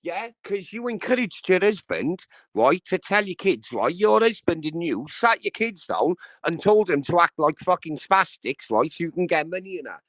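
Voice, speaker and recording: Streamer host, male, high voice, coarse aggressive rant, dull dry audio. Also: very animated, normal speed, few pauses, fairly bright tone, dry recording. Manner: crude, aggressive, repetitive slang-heavy ranting. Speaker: livestream host. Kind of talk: ranting livestream commentary.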